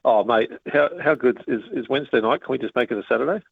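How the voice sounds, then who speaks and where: A man's voice: medium pitch, quick pace, slight background noise. A man calling in to a radio show, chatting in a friendly, rambling way over the phone. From Australia. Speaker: caller. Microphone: telephone. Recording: husky phone line.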